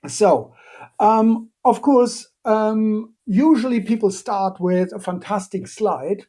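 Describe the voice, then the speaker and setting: A man with a high-sitting, warm voice delivers a live-streamed biochemistry lecture at a slightly slow pace. He talks hesitantly, using many fillers and playful asides as he answers questions from the chat.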